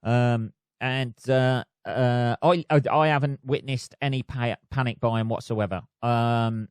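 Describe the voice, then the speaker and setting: A man's voice: medium pitch, steady tone, measured pace, clean tone, no echo. A man hosting a podcast alone, rambling in a sweary, self-mocking way. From United Kingdom. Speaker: podcast host. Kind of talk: casual solo rant. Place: flat.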